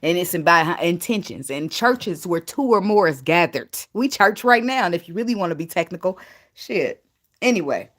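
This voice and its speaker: A woman's voice: fairly low pitch, expressive, moderate pace, fairly bright tone. A woman tarot reader in a casual spiritual vlog, talking bluntly and emphatically, swearing freely and laughing often.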